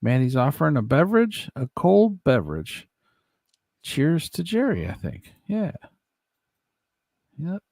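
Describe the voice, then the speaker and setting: Lively joking man with gravelly voice. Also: fairly high pitch, a little slow, pauses often, no room sound, studio quality. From Ohio, USA. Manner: jokey, laughs often, animated. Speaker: host. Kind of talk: casual livestream chat, reading viewer comments.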